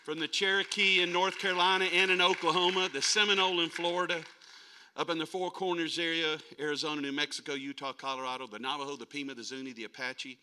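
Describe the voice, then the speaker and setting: A folksy, animated preacher in his sixties, a man from North Dakota, with a very bright, forceful edge to his slightly high voice. He keeps pulling the congregation in, asking them to answer back as he preaches. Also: quick pace, clear, resonant tone. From North Dakota, USA. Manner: folksy, animated, calls on the crowd to respond. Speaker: traveling preacher. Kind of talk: sermon to a congregation.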